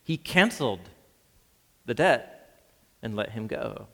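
A man preaching a sermon as a pastor, lively and chuckling, acting out the voices in the scripture reading. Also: mid-range voice, takes it slowly, big-room sound. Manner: lively, reads scripture with acted voices, laughs often.

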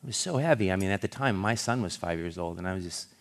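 Earnest low-voiced male pastor preaching. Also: lively intonation. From California. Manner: earnest, halting restarts, swells louder when building a point. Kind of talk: sermon storytelling.

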